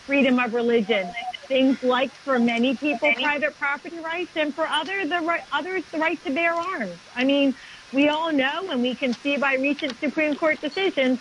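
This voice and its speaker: A woman's voice: high-pitched, a bit bright, a little hiss or hum, poor audio. A woman guest on a talk show, explaining her advocacy earnestly and at length, speaking over a remote call. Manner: earnest, fluent with restarts. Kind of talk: casual interview talk.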